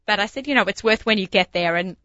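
A woman's voice: mid-range voice, fast, fairly bright tone, no echo, highs cut off. An Australian woman hosting a radio talk show, chatty, often restarting her words. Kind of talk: casual radio chat.

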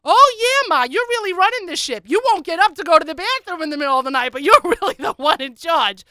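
A woman voicing a loud, exasperated daughter in her forties nagging her own mother. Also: very high voice, animated, quick pace, no echo, studio quality, voice pushed up, exaggerated voice. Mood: sarcastic. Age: 40s.

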